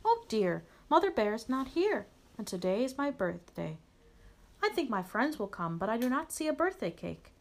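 A woman's voice: sing-song, normal speed. A woman putting on an eager little bear cub. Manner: high, eager childlike voice. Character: cheerful small male bear cub. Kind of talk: storybook read-aloud.

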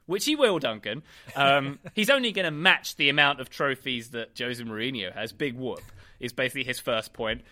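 A man's voice: on the high side, pushed and bright. A man hosting a casual football podcast, chatty and wry, often laughing as he talks. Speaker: podcast host.

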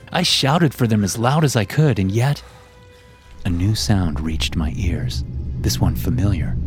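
A man narrating a first-person horror story in a dramatic, tense way. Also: low voice. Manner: dramatic, tense, builds suspense. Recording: narration over background music.

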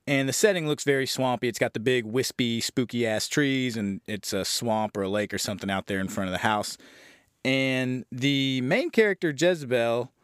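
Recorded cleanly in a studio with no room sound, this man speaks at a medium pitch and normal pace with a clean tone. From Southern Louisiana, he hosts a podcast and rambles profanely as he gives a lively, casual recap of a horror movie.

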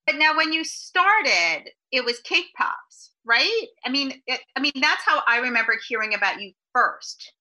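A woman's voice: sits high, sing-song, a little slow, few pauses, pushed and bright, poor audio. A woman hosting an interview, asking eager, enthusiastic questions. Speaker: interview host. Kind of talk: casual interview.

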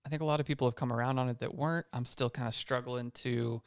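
A man's voice: medium pitch, steady tone, fast talker, smooth. A man co-hosting a casual sports podcast, speaking thoughtfully and with some hesitation. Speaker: podcast co-host.

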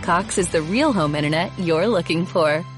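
A woman's voice: fairly low pitch, moderate pace. Woman reading a radio ad over music. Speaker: ad announcer. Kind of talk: scripted radio ad read. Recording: ad read over clear music.

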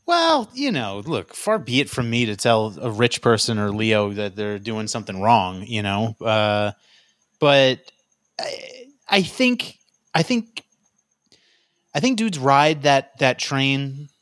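Cohost dude chiming in w quips, dry close sound. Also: male voice, mid-range voice, sing-song, slow, a bit bright, no echo. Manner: reactive banter, short quips. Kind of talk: casual chat.

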